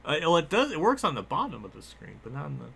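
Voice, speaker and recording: A young man casually talking through a racing game livestream, excitable, laughing often and quick to swear. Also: fairly high pitch, gravelly, slightly rough.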